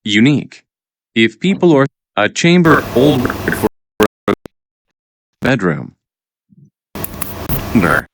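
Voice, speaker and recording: A man reading out vocabulary words and their definitions, halting and repeating each word after explaining it. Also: medium pitch, very animated. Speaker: vocabulary teacher. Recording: noisy recording with clicks.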